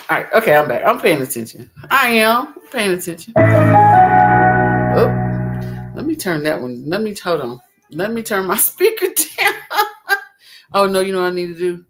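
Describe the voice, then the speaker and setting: A woman's voice: low-pitched, vocal fry, a bit bright. A woman hosting a casual crypto livestream, chatty and rambling, often giggling.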